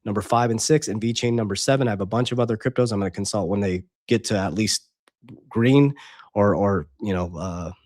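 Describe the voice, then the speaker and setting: A man's voice: on the low side, fairly quick, darkish tone, dry recording, clean studio sound. Emphatic man coaching on investing. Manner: emphatic, repeats points, adds "okay?". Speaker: finance coach and app co-founder. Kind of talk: casual coaching monologue to camera.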